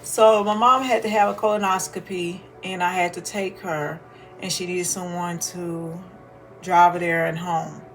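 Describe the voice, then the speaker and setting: A woman's voice: lowish voice, fairly even intonation, measured pace, faint music behind. A middle-aged woman, the host's mother and a podcast guest, telling a family story in a matter-of-fact, casual way.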